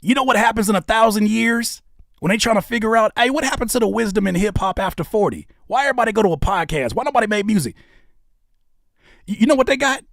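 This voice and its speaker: A man hosting a casual live stream, talking in an animated way that swings between loud outbursts and low muttering. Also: creaky, no room sound, clean studio sound. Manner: animated, quick shifts between shouting and muttering. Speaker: host of a live stream channel.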